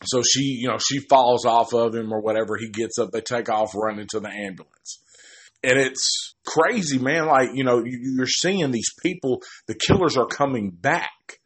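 A man at an ordinary middle pitch talks through a movie's story in a loose, rambling way. He swears almost every sentence, often starts over halfway through a thought, and slips quick quoted bits of the characters' dialogue into his retelling. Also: breathy edge. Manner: acts out characters' lines in quick quoted asides. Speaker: film reviewer. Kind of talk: casual profane film recap.

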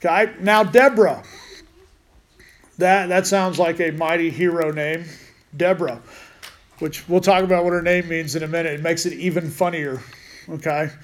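A man's voice: fairly high pitch, steady tone, moderate pace, long pauses. A man teaching a Bible study in a casual way, with rambling, joking asides.

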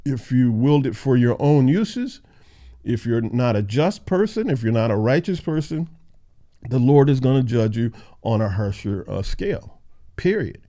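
A man leading a casual Bible study, reading scripture aloud and then explaining it in relaxed everyday words with fillers. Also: medium pitch, moderate pace. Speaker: Bible teacher.

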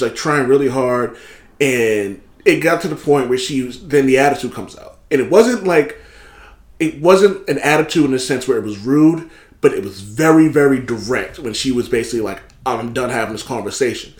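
A man telling a story in casual, animated chat, swearing freely and acting out what others said. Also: mid-range voice, reverberant. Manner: animated, swearing, acts out quotes in other voices.

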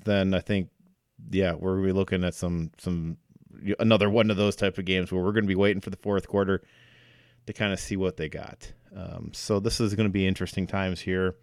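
A man's voice: deep voice, fairly even intonation, fairly quick, a little mellow, smooth, no room sound, clean studio sound. A man co-hosting a sports podcast, talking football casually with frequent fillers and restarts. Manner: hesitant, many fillers and restarts.

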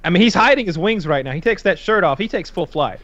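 Higher-voiced man teasing in casual chat. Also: expressive, fast, fairly bright tone, no echo, highs cut off.

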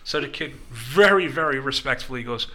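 Bright, animated male storyteller. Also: mid-range voice, fairly quick. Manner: animated, rambling storyteller with restarts. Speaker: guest. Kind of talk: casual chat, storytelling.

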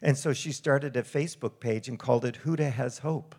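A man's voice: mid-range voice, a little fast, darkish tone. Man preaching in a conversational storytelling way. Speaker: missionary ministry speaker. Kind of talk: storytelling sermon with slides.

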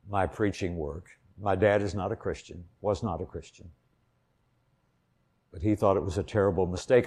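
An older man from Indiana preaching an earnest sermon, telling a personal story and swelling louder on key points. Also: deep voice.

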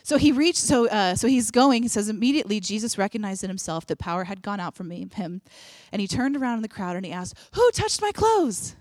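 A woman preaching a sermon, reading scripture aloud and acting out the voices of the people in it with lively swings in pitch and loudness. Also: fast talker, no echo.

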